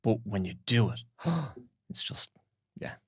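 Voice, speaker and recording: A man's voice: fairly low pitch, measured pace, breathy edge, dry recording, clean studio sound. A man, a breathing coach, telling stories animatedly as a podcast guest. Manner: animated, uses fillers and restarts. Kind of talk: casual interview storytelling.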